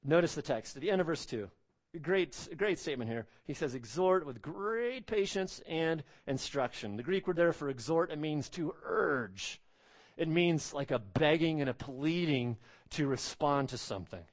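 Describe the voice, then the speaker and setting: A man's voice: on the high side, expressive, moderate pace. Emphatic male preacher. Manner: emphatic, repeats phrases, asks the audience rhetorical questions. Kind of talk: expository sermon.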